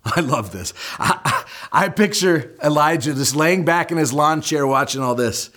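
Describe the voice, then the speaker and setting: Lively storytelling preacher man. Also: on the high side, measured pace. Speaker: pastor. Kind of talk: sermon.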